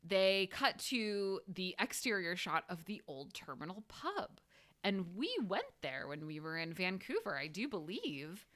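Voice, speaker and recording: A woman's voice: on the low side, big pitch swings, measured pace, fairly bright tone. A woman co-hosting a podcast, chatting casually and animatedly as she recaps an episode, often laughing and acting out characters' lines. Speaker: podcast co-host.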